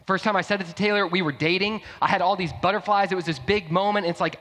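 A young man preaches to his congregation in a casual, energetic way, and his voice drops to a hushed, earnest tone for prayer. His voice sits a little on the high side. The sound carries the long reverb of a large church hall. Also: fast. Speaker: pastor. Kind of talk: sermon. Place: church auditorium.

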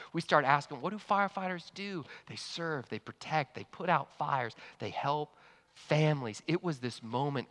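A man, preaching a sermon and telling a story, animated, with loud excited bursts and quiet hushed asides. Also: mid-range voice. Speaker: pastor. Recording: long hall reverb.

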